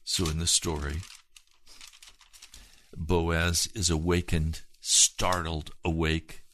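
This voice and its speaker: A man preaching a sermon in an earnest way, moving between hushed and emphatic delivery and slowing down to stress points. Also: low voice, level tone, slight background noise.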